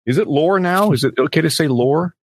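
A middle-aged male voice actor telling stories as an interview guest in a rambling, animated way, slipping into character voices. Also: on the high side, fairly quick. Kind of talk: casual storytelling in an interview.

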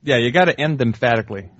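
Young male co-host, dry wry banter, mid-pitched, dead-dry and a bit dull in tone. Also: no room sound. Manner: dry, wry, rambling riffs. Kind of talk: casual banter.

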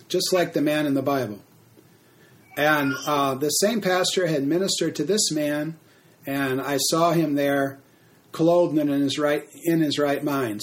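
A middle-aged man preaching a sermon, telling a testimony at an unhurried pace with frequent fillers and restarts. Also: on the high side, a little hiss or hum. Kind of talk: sermon teaching.

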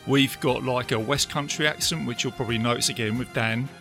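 A man's voice: mid-range voice, fairly quick, over music. An English man hosting a podcast, chatting casually and laughing easily. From England. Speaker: podcast host. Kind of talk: casual chat.

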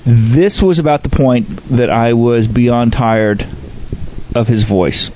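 Man, podcast co-host, casual crude banter, muffled audio, faint background noise. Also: medium pitch. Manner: crude, joking, quick asides.

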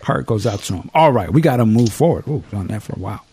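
A man hosting a podcast in casual chat, telling stories in an animated way and swearing freely. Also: on the low side, fast, background noise. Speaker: podcast host.

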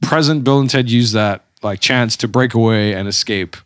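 A man's voice: mid-range voice, normal speed, fairly bright tone, no echo, studio quality. A man co-hosting a casual podcast, recapping a movie with lots of swearing and laughter. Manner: laughing, profane, acts out quotes. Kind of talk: casual film recap chat.

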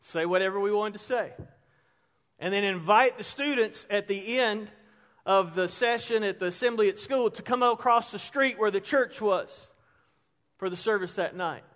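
Brief: middle-aged man, pastor, high-pitched, animated storyteller who drops quiet for emphasis. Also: moderate pace. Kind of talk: sermon with storytelling. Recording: long hall reverb.

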